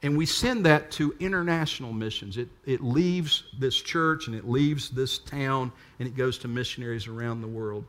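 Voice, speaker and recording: A man's voice: medium pitch, normal speed, few pauses, fairly bright tone. A man preaching a sermon, full of rhetorical questions to the congregation. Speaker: pastor.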